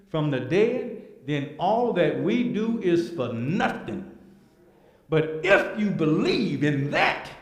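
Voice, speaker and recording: A man teaching a church Bible class, preaching with emphatic repetition and rhetorical questions. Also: on the high side. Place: church hall. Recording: echoey church hall.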